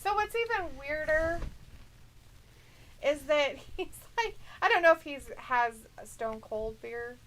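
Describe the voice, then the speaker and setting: A woman's voice: high-pitched, lively intonation, takes it slowly, fairly bright tone, poor audio. A woman co-hosting a casual livestream at home, reading viewer comments aloud in a teasing, giggly way. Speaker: livestream co-host.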